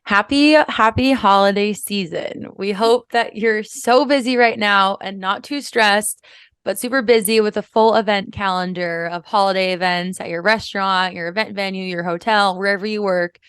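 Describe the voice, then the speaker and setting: An upbeat woman co-host with a smooth, clear voice and a reassuring manner. The sound is dry and close, with no room in it. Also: medium pitch, steady tone, normal speed, a bit bright, dry recording. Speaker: podcast co-host. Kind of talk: casual podcast intro and chat.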